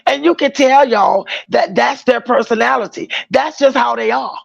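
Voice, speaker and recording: Woman livestream host, very gravelly high voice, dry lo-fi sound, greets viewers by name, loose slangy chat. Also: moderate pace.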